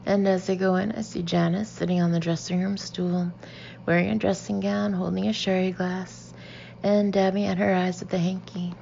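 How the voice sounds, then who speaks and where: A woman narrates a first-person novel in an expressive way, often dropping into breathy asides. Her voice is low, mellow and gravelly. The recording is a little dull, with a faint hiss. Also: normal speed. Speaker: audiobook reader.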